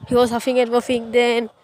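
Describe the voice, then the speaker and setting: Rambling woman with a fairly high voice. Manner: rambling, repeats the filler "you can say". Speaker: storyteller. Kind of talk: improvised fan story retelling.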